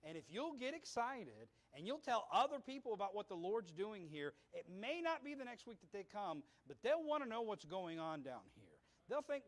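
A man preaching a sermon in a folksy storytelling way, rising to loud fervent exhortation. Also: sits high, sing-song, normal speed, hardly any pauses. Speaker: visiting missionary preacher.

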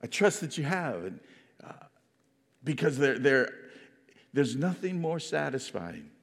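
A man's voice: mid-range voice, big pitch swings, a little slow. A man preaching a sermon in an earnest, reflective way, often restarting and repeating words. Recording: long hall reverb.

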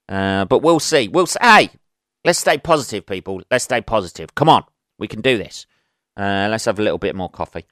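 A man's voice: on the low side, animated, a little fast, no echo, clean studio sound. A man hosting a casual solo podcast, ranting with lots of swearing and exasperation. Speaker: podcast host.

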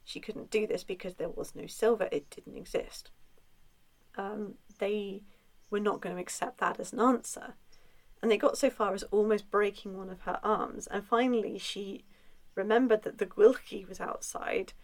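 A woman telling a spooky folk tale in a relaxed, chatty way, with frequent filler sounds. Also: mid-range voice, moderate pace, rough recording. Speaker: storyteller. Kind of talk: conversational folklore storytelling.

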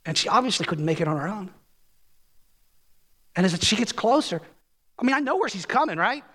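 A man preaching a sermon, telling a personal story with lively ups and downs in his voice. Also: fairly quick. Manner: storytelling with lively pitch swings.

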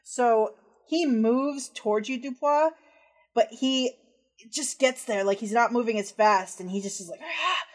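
A woman's voice: fairly high pitch, a little slow, a little mellow. A woman narrating as game master of a tabletop horror game, casual and descriptive, with frequent fillers.

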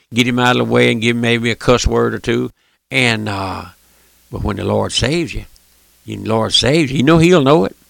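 An older man, preaching a folksy, fervent radio sermon that repeats its phrases and swings between loud and hushed. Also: medium pitch, vocal fry, no room sound.

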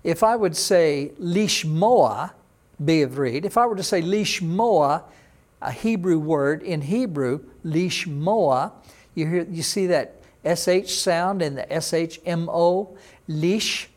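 A man's voice: fairly high pitch, a little slow, a little mellow. A middle-aged male pastor giving a sermon, explaining Hebrew words and pronunciation in a teaching manner.

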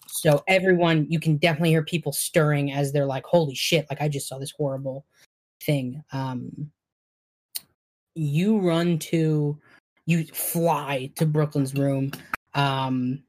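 A woman's voice: low voice, darkish tone. A woman narrating as game master, loose and hesitant with many fillers.

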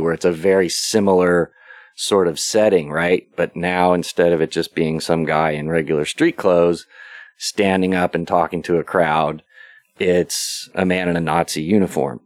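A man hosts his own podcast alone, walking through a film scene by scene in a loose, conversational way. His voice sits very low, and the recording is close and dry, with no room sound. He pads his thoughts with fillers and drops into quick quoted asides. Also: no echo. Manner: rambling, relaxed retelling with fillers and brief quoted asides. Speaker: podcast host. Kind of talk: casual solo podcast recap.

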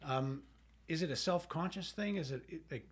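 Man, interviewer, very raspy breathy voice, slightly high pitch, curious questions. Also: normal speed.

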